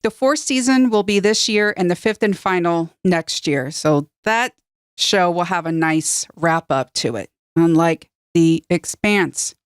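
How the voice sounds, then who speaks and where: A woman guest on a podcast, giving a brisk, matter-of-fact news roundup. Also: lowish voice, expressive, clear, resonant tone, dry recording, studio quality.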